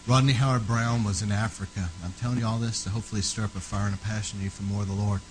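A man preaching a fervent sermon, rising to loud, emphatic peaks and then dropping low and quiet. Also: steady tone, very fast, a little hiss or hum, rough recording.

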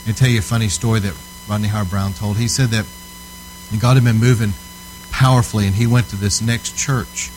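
Low-voiced man preaching conversationally. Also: steady tone, brisk, darkish tone, slight background noise, low-quality recording. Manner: casual storytelling, checks in with "Okay?"; earnest, emphatic. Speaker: preacher teaching on altar ministry. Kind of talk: conversational sermon teaching.

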